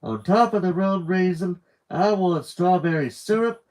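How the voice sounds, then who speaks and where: A man doing a fussy high-voiced woman, half drawl half posh. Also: extremely slow. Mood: demanding. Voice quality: mixed Southern drawl and posh British. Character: fussy middle-aged woman ordering ice cream.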